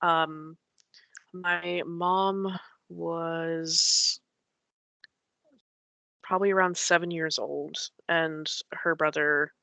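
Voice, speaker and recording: A woman's voice: fairly low pitch, steady tone, very slow, creaky, long pauses, bright, forceful tone, clear, resonant tone, no echo. A woman guest telling a personal story in a casual, rambling way, full of likes and ums. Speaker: podcast guest.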